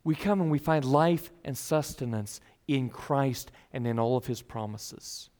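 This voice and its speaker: A man's voice: mid-range voice, measured pace, a little mellow. A man preaching an expository sermon, earnest and emphatic, who voices his listeners' objections as he goes.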